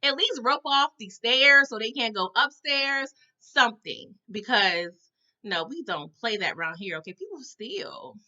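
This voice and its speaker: An animated woman chats through a TV episode recap with dramatic flair, punctuating her lines with "okay?" and "all right?". Her voice is bright and sits a little high. The audio is dull and lo-fi. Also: unhurried. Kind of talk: casual recap commentary.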